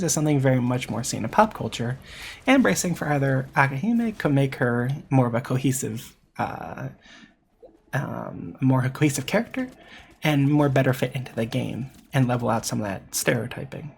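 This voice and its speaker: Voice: medium pitch, animated, brisk, vocal fry, a little mellow, slight background noise. A VTuber commentator giving an opinionated monologue critique of a game. The speaker stresses points by repeating them and often corrects themselves mid-sentence with filler words.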